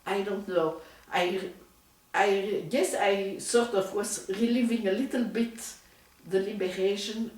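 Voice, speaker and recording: An older woman from Europe, a retired doctor, giving an oral history interview in slow, digressive, reflective stories. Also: medium pitch, distant mic. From Europe, France and Belgium. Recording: roomy echo, voice from off-mic.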